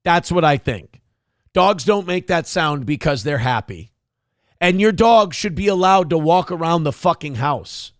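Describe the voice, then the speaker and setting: A man's voice: a little high, animated, a little slow, no room sound, studio quality. A man hosting a show, reacting to a clip with angry, mocking commentary full of swearing. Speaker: show host.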